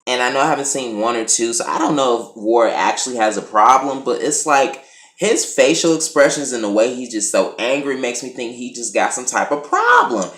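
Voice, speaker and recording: A man's voice: mid-range voice, normal speed, slight background noise. A man casually recapping and reviewing a TV episode, blunt and profane. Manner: animated, blunt, profane, chatty. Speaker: TV review vlogger. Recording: roomy echo.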